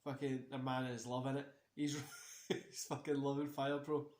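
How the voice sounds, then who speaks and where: A man's voice: medium pitch, flat delivery, normal speed, darkish tone. A tired man hosting a casual wrestling watch-along, rambling and swearing freely between many fillers. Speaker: host. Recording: roomy echo.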